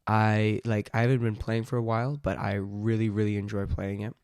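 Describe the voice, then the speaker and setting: A man with a low, gravelly voice rambles through a casual vlog, restarting his thoughts and leaning on fillers. The recording is dry and close, with little room sound. He talks as a dungeon master would about his game. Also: level tone, a little fast, a little mellow, no room sound.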